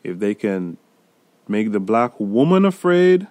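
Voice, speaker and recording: A man hosting a solo podcast, talking through a film in an emphatic, deliberate way and speaking straight to his listeners. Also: fairly low pitch, very animated, darkish tone, dry recording. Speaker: podcast host reviewing a film.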